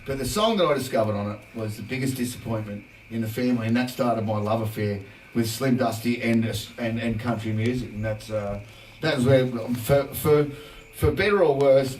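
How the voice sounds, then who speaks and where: A man's voice: mid-range voice, darkish tone, recorded from a distance, slight background noise. An Australian man spins a rambling, chatty anecdote as he hosts a livestream, his voice set back from the mic in a roomy space. Guitar music faintly sits behind him. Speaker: band singer hosting a livestream. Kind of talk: casual storytelling chat.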